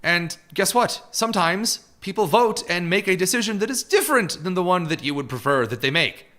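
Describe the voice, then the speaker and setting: A man's voice: high voice, animated, fairly quick, pushed and bright. A man hosting live political commentary, talking in a sarcastic, mocking way.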